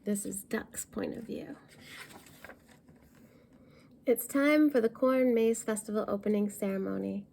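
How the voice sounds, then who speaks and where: Brief: woman storytime reader, mellow and a bit gravelly, reads a picture book aloud and explains words to kids. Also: mid-range voice, steady tone. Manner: pauses to explain words for young listeners.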